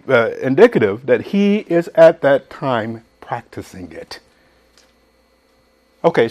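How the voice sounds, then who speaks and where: Man, middle-aged, preaching, folksy, animated pitch, slightly high voice, emphatic. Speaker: pastor. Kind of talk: sermon.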